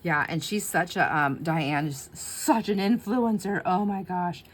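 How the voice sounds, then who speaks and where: A woman's voice: fairly low pitch, measured pace. A middle-aged woman hosting a crafting video, chatting casually to her viewers, laughing often and talking to herself as she works. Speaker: craft channel host.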